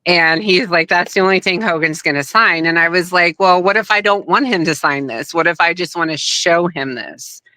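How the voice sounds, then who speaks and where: A middle-aged woman tells a personal story in casual conversation. Her voice is bright and smooth. She is animated and acts out other people's lines as she goes, recorded dry with no room sound. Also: on the low side, normal speed, few pauses, no echo, rough recording. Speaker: guest, wrestler's daughter.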